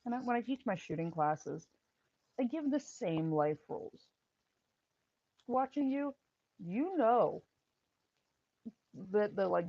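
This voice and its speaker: A middle-aged woman, a former paramedic and firearms instructor, hosting a casual live stream, telling stories with animated repetition and answering chat. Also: mid-range voice, dry recording, highs cut off. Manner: animated storytelling, repeats phrases, answers chat.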